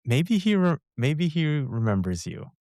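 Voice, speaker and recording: A man as a guest on a podcast, making relaxed jokes in casual chat. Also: mid-range voice, a little slow, dry recording, studio quality.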